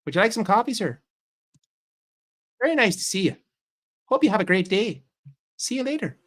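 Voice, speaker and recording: A man doing an overly polite, cheerful Minnesota man with a put-on Upper Midwest accent, sing-song and clearly pitched up. Folksy and friendly, he offers small courtesies in a bright, lilting way. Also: sing-song, normal speed, full character voice. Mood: chirpy politeness. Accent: Upper Midwest American, put on.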